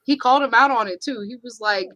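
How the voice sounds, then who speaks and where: A woman co-hosting a casual podcast chat, retelling scenes in a chatty way with halting restarts. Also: fairly high pitch, crowd noise. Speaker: podcast co-host.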